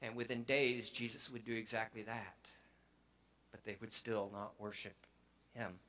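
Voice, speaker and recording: A man's voice: on the low side, steady tone, measured pace, fairly bright tone. A man preaching as pastor, reading scripture earnestly and breaking into conversational asides.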